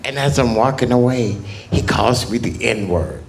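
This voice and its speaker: A male stand-up comedian telling crude stories in a slow, laid-back way on a club stage. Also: medium pitch, animated, gravelly.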